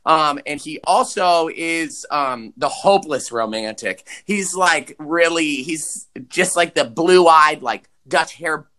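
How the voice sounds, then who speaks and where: Man, podcast co-host, casual chat, animated, swearing, bright voice, slightly high pitch. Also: takes it slowly, few pauses. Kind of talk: casual chat recapping a movie.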